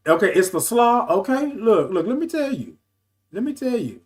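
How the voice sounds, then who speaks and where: High-voiced animated man hosting a livestream. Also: normal speed. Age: 50s. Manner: animated, affectionate, calls viewers baby and y'all. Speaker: livestream talk show host. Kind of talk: casual livestream chat reading comments.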